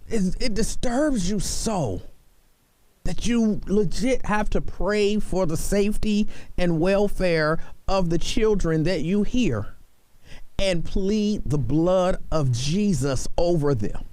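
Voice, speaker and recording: A man's voice: high voice, expressive, slow, a little mellow, no room sound. A man hosting a talk radio show, speaking earnestly and pleading with his listeners, repeating himself for emphasis. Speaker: radio host.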